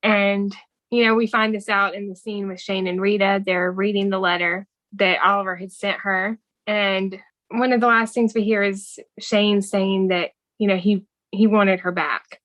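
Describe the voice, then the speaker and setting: A woman's voice: medium pitch, fairly even intonation, normal speed, dry recording, low-quality recording. Woman podcast host recapping a film. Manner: reads quoted film dialogue aloud, warm and earnest. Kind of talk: casual movie recap chat.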